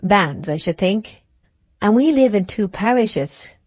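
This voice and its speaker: A man's voice: high-pitched, animated, slow pace, dry recording, heavily acted. A woman voicing an evasive young male soldier in an audiobook, with a cool, offhand manner. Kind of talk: audiobook character reading.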